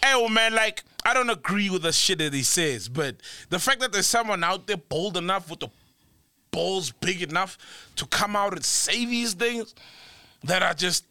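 Lively, bright-voiced man. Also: high-pitched, normal speed, dry recording. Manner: animated, laughing, exclaiming, swearing. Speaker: podcast host. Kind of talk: casual chat.

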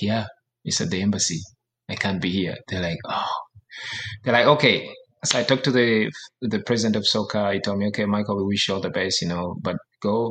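A young man from Uganda speaks in a fairly low voice, retelling his past with lots of energy. He often slips into voices of the people in his story and laughs along the way. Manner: animated, acts out dialogue, laughs often. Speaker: guest, professional soccer player. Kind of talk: casual storytelling.

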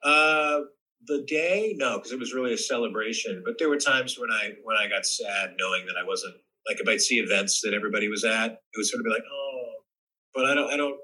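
A man guest chatting casually on a podcast, an animated storyteller who restarts his sentences. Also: on the low side, fast, breathy edge, low-quality recording. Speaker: actor guest.

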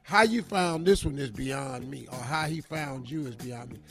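A man co-hosting a radio advice segment, joking loudly in casual talk and tired after a sleepless night. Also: mid-range voice, normal speed, music in the background. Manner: loud, joking, informal Southern Black English phrasing. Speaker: radio co-host giving advice.

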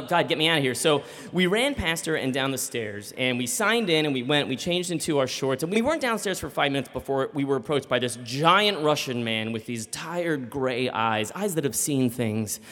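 A man telling a comic personal story live on stage, animated and acting out voices. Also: medium pitch, normal speed, few pauses, big-room sound. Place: theater stage.

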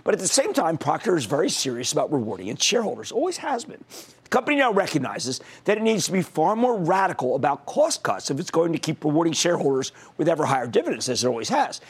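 A man's voice: fairly high pitch, big pitch swings, fast, slightly rough. A man hosting a stock market TV show, losing his voice, giving emphatic, punchy commentary straight to viewers. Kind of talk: energetic financial TV commentary.

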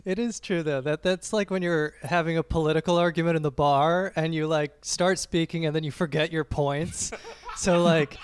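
A man co-hosting a casual comedy chat, joking and doing quick impressions of others. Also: on the high side, fairly even intonation, clean tone, no room sound. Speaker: co-host.

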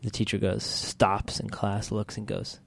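Bright-voiced man telling a story. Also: on the low side, flat delivery, unhurried, vocal fry, husky, no echo. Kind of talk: casual storytelling chat.

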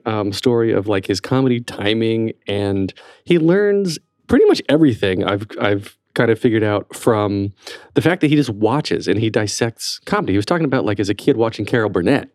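A man hosting a theater podcast, chatty and upbeat with quick asides, recorded on a studio mic. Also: mid-range voice, darkish tone, no echo. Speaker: podcast host. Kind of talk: conversational podcast interview.

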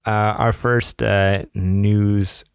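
A man's voice: on the low side, little pitch movement, very slow, vocal fry, clean tone, no echo, clean studio sound. A man in his thirties co-hosting a casual podcast, laid-back and laughing along. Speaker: podcast co-host. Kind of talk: casual chat.

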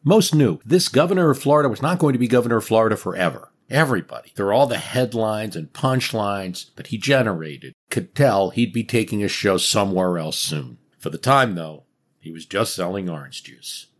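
A man's voice: fairly low pitch, lively intonation, normal speed. A man narrating a scripted history podcast as its host, dramatic and wry. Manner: dramatic storytelling with wry asides.

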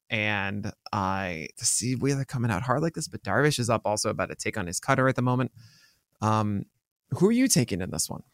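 A man's voice: medium pitch, fairly bright tone, no room sound, clean studio sound. A man co-hosting a baseball podcast, talking casually and rambling with many ums and restarts. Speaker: podcast co-host. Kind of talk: casual sports chat.

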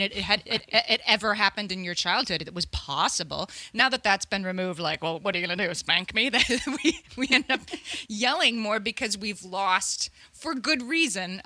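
A woman's voice: mid-range voice, bright, forceful tone, dry recording. A woman co-hosting a casual chat about parenting, explaining her points earnestly and often restarting her sentences. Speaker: podcast co-host.

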